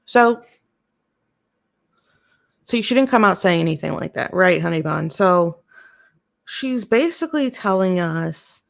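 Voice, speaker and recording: Chatty woman with a gravelly voice. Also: fairly low pitch, expressive, a little slow, pauses often. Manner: chatty, reads letters then questions them directly. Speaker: commentary host reading emails aloud. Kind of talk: casual commentary and reading aloud.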